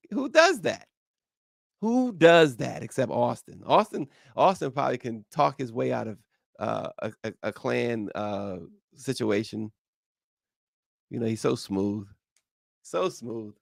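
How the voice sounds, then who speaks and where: A man with a gravelly, creaky voice hosts a live morning show, recorded close and dry. He rambles loosely and jokes as he reads out viewer comments, laughing often. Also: medium pitch, no room sound.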